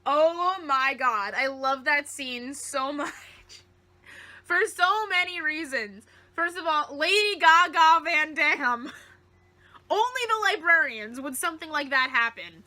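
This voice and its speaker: A woman's voice: high-pitched, expressive, a little slow, bright, forceful tone. A woman reviewing a TV episode in a fan vlog, gushing with giggly, breathless enthusiasm.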